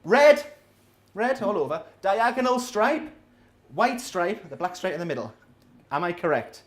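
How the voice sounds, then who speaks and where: A man in his thirties performs a rambling, self-deprecating, sweary stand-up set. His voice sits high and swings up and down a lot. He is heard in a small, echoey coffee-shop room. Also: very animated, measured pace. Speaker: stand-up comedian.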